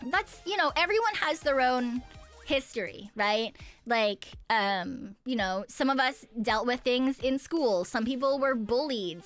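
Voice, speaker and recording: A woman streamer chatting casually with her viewers, rambling, candid and quick to swear and laugh. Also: on the high side, a bit bright. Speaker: VTuber streamer. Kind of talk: casual livestream chat.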